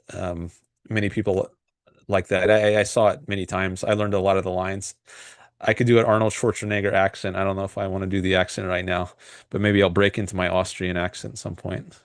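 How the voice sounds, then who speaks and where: A man hosts his own livestream, talking in a loose, meandering way and reading viewer comments aloud. His voice sits on the low side and sounds dry and close, with no room around it. He hesitates often, filling gaps with "um" and restarting his sentences. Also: dry recording. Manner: rambling and hesitant, frequent fillers and restarts. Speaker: livestream host.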